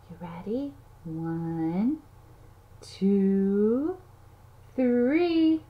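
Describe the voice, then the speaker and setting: A woman's voice: medium pitch, very animated, extremely slow, long pauses. A woman giving a playful lesson to toddlers, counting aloud and making animal sounds in a sing-song way. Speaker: children's teacher. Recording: slightly dull audio, faint noise.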